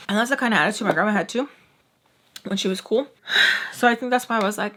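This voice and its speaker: Chatty, animated woman telling a story. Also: medium pitch, brisk. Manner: animated, chatty, lots of fillers. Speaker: vlogger. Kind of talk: storytime while doing makeup.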